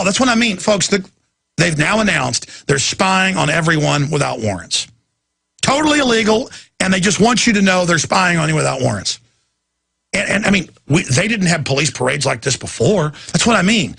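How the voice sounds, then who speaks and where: A middle-aged man hosting a radio talk show, ranting emphatically and at times shouting. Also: a little high, animated, a little fast, vocal fry, breathy edge. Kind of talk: impassioned talk radio monologue.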